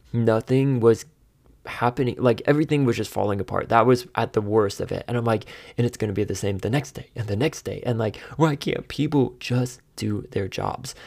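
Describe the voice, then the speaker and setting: Podcast host, thirties, male, gravelly low voice, loose exasperated monologue. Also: darkish tone. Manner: rambling, exasperated, self-deprecating laughs. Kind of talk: casual solo monologue.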